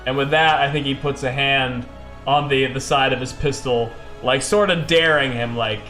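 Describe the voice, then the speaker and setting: A man's voice: medium pitch, steady tone, normal speed, pushed and bright, echoey room, soft background music. A man narrating his own solo tabletop game in a loose, rambling way, full of fillers.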